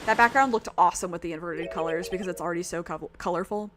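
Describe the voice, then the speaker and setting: A woman's voice: on the low side, quick pace. Brief: young woman gamer, casual giggly chat, joking about herself. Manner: giggly, self-deprecating chatter. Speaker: streamer. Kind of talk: casual let's-play chat.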